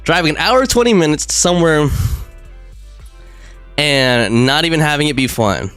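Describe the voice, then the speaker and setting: A man's voice: on the high side, lively intonation, moderate pace, fairly bright tone, smooth, no echo, faint music behind. A man streaming a game live, chatting casually and rambling with lots of fillers and frequent laughs. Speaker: gaming streamer. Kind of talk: casual live gameplay commentary.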